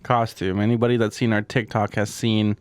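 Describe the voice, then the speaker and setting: A man's voice: lowish voice, little pitch movement, brisk, clean tone, no room sound. Male comedy podcast co-host, dry close sound, playful and teasing. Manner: joking, laughing, prompting others to do bits. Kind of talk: casual comedy chat.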